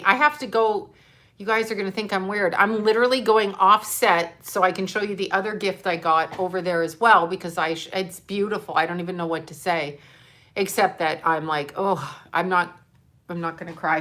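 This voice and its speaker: A woman's voice: mid-range voice, a bit bright. A woman chatting casually on a live stream from home, scattered and effusive, talking straight to a camera mic. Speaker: livestream host.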